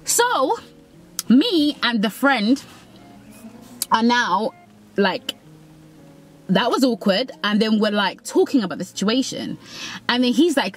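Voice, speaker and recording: A woman's voice: a little high, animated, unhurried, pauses often, rough recording. Chatty young woman, faint music behind. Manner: candid, swearing, acts out quotes. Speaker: vlogger. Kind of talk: casual storytelling.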